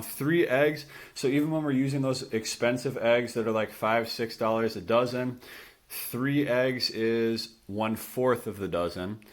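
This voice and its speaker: Relaxed male coach, easygoing vlog chat to his students, talks while eating. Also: mid-range voice. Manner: relaxed and chatty, talks with his mouth full. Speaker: school gym coach. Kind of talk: casual cooking vlog to students.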